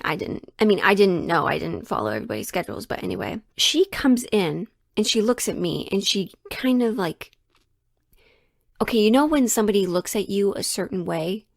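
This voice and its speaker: A woman's voice: mid-range voice, dry recording. Young woman, casual storytime narrator, chatty and conversational, dry close sound. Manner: chatty, conversational, full of "like" and asides.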